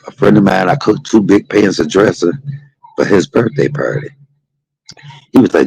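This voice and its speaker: A man's voice: sits low, animated, normal speed, creaky, husky, no echo, low-quality recording. A middle-aged man hosting a livestream, telling casual stories in a chatty vernacular that drifts from one memory to the next. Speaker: livestream host. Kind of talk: casual storytelling monologue.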